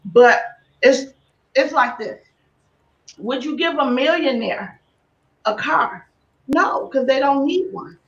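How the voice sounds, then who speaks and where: A woman guest chats in a casual interview, laughing easily and turning earnest when she gives advice. Her voice is a little high. Her audio is roomy and dull. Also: animated, takes it slowly, pauses often. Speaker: guest YouTuber.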